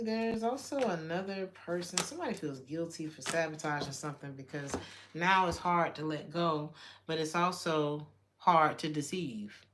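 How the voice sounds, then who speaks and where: A woman's voice: lowish voice, background noise. A woman giving a casual tarot reading, blunt and loose-tongued, swearing freely and laughing often. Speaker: tarot reader.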